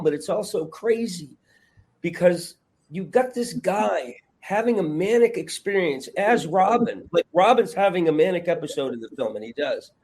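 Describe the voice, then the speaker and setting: A man who is a guest comedian and impressionist, telling stories animatedly and acting out quotes. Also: fairly high pitch. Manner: animated storyteller, acts out quotes. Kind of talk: casual podcast chat.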